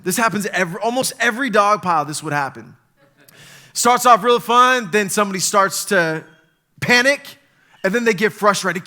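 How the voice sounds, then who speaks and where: A man, a pastor, giving a sermon and telling stories with lively acted-out quotes. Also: sits high, brisk. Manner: animated storytelling, acts out panicked quotes. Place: church stage.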